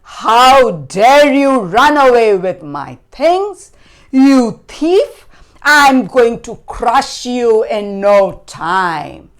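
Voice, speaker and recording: A woman voicing a huge, furious male giant in a storybook tale, shouting threats in a raised, booming voice. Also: sing-song, drawn-out words, exaggerated voice.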